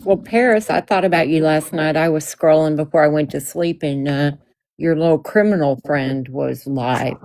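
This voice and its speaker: A woman's voice: deep voice, normal speed, darkish tone, no echo. A married woman chatting casually, telling stories in an earnest, emotional way. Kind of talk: casual chat.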